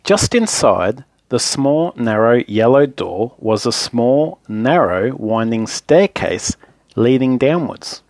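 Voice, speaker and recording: A man reading a children's story aloud in a playful, lively, repetitive way. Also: mid-range voice, takes it slowly, no room sound.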